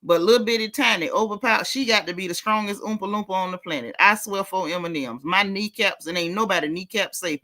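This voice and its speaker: A woman's voice: mid-range voice, pushed and bright. A woman hosting a gossip vlog, talking straight to her viewers in sassy, teasing, slangy casual speech. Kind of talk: casual celebrity gossip commentary.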